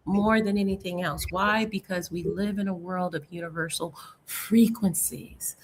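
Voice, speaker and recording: A woman's voice: lowish voice, steady tone, moderate pace, a little hiss or hum. A woman on a live panel discussion, speaking in an earnest, emphatic, teaching manner.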